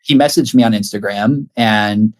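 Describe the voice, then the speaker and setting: A man's voice: fairly low pitch, moderate pace. A man, a guest music producer and artist, chatting casually on a podcast, rambling through stories with lots of filler words and plenty of swearing.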